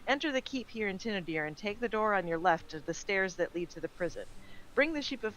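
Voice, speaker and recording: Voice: medium pitch, expressive, quick pace, fairly bright tone, slight background noise, natural voice, low-quality recording. A player reading a commander's orders from game quest text, with occasional stumbles. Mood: formal. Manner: formal quest dialogue read aloud with stumbles.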